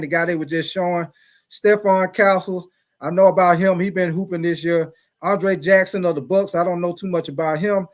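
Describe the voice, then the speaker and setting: A man hosting a sports livestream in a slightly higher voice, chatting loosely and repeating his points. He calls out viewers from the chat by name and slips into playful mock-preacher asides. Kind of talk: casual sports talk livestream.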